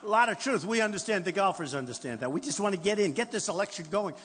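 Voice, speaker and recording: A man's voice: sits high, animated, quick pace, a bit bright, slightly rough. An older man with a New York accent giving a rambling, boastful campaign speech to a large crowd in a hall. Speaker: political candidate at a rally. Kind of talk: rally speech. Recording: roomy hall reverb, faint crowd noise.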